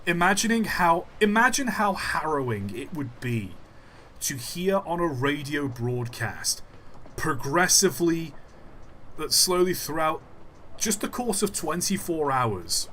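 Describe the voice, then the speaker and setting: A man's voice: on the high side, sharp tone, a little hiss or hum. A young man, commenting casually as he plays a game on a live stream and drifting into long musing asides. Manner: rambling, musing aside while playing.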